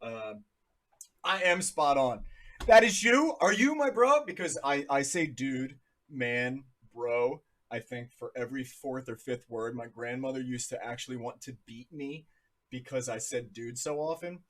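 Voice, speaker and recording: A man's voice: mid-range voice, unhurried, a bit bright. A man in his thirties from New Jersey, casually talking through charts on a live stream in a chatty, jokey way. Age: 30s. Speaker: crypto livestream host.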